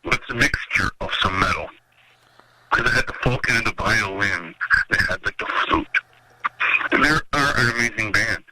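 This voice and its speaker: A man organizing a metal festival, telling long rambling stories in a casual interview and acting out what people said. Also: normal speed. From Minnesota, USA. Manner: rambling storyteller, acts out quotes in a higher voice. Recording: noisy radio interview audio.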